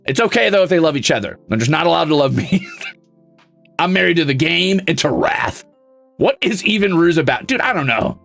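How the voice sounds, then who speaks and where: A man's voice: on the high side, very animated, moderate pace, vocal fry, fairly bright tone, faint music behind. A man streaming, reading viewer messages in casual chat with a brash, sarcastic, mock-grumpy way of talking.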